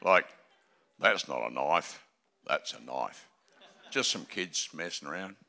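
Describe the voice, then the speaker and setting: An older man with an Australian accent and a gravelly voice, preaching as a guest with jokes and rambling asides, swinging between loud calls and quiet remarks. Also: on the low side. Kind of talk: sermon.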